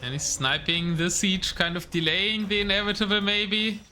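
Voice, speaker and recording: A young man calling a strategy game match live, his voice fairly high and sharply bright. He mixes relaxed play-by-play with offhand chat to the viewers, in a casual, easy way. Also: moderate pace. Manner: casual, chats with the live chat between calls. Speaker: esports caster.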